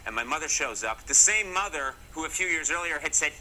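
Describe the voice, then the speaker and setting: On the high side, with lively intonation and a pushed, bright quality, this man talks a little fast over a low-quality recording with slight background noise. He's a middle-aged comedy show host from Massachusetts, USA, telling jokey, mock-serious stories to camera with wry asides.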